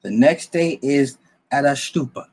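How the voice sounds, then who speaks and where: Husky man casually recapping a story. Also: mid-range voice, expressive, a little slow, darkish tone. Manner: rambling and blunt, with restarts, asides and swearing. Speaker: film plot recapper.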